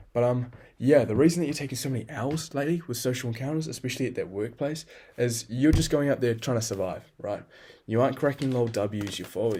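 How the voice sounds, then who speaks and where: A man's voice: medium pitch, a little mellow, a little hiss or hum. A man keeping a casual video journal, bluntly and profanely telling himself off in the second person. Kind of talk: casual self-talk journal.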